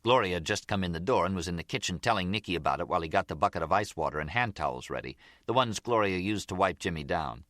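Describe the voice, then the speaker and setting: A man's voice: low-pitched, animated, fast, hardly any pauses, a bit bright, no echo, studio quality. A man reading a crime novel aloud as audiobook narrator. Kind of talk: scripted narration.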